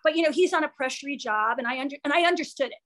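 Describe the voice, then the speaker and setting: A woman's voice: high-pitched, rapid-fire. A woman being interviewed as a guest, talking candidly and with animation, acting out what people said and swearing freely. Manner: animated, acts out quoted dialogue, swears freely.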